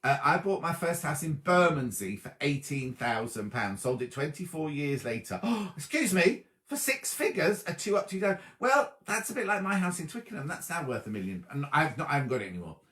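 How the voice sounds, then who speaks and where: Man, livestream host, chatty, lively sing-song pitch, echoey room. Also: fairly quick, hardly any pauses. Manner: chatty, lively and easily distracted. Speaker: host of a sewing show. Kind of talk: casual livestream chat reading viewer comments. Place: at home on a sofa.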